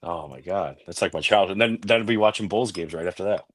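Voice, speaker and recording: A man from the Cleveland area, talking sports excitedly in casual chat on a podcast. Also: low voice, quick pace. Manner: excited, filler-heavy sports talk.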